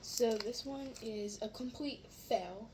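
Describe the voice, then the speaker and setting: A woman's voice: a little high, slow, noisy background. A primary-school girl casually vlogging while making slime, chatty and easily amused, with exaggerated reactions. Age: child. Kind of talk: casual vlog chat.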